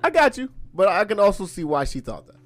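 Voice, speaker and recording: A man co-hosting a casual podcast chat, arguing his point in an animated way. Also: high voice, quick pace. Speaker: podcast co-host.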